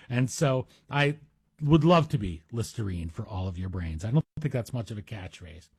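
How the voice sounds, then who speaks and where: A man's voice: medium pitch, a little mellow, breathy edge, dry recording, clean studio sound. A middle-aged man guest hosting a talk radio show, chatty and wry, with self-deprecating asides. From Greek heritage. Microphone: studio microphone.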